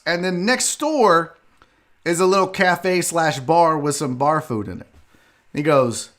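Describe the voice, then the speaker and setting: High, bright-voiced man telling a story. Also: moderate pace. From Houston, Texas. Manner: profane, animated ranting with acted-out quotes. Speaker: comedian and podcast host. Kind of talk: casual storytelling.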